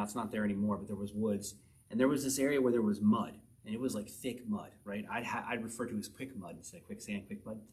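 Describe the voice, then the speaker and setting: Man teaching the Bible conversationally. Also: medium pitch. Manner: reads scripture slowly and emphatically, then explains it in a relaxed chatty way; asks the listeners frequent rhetorical questions.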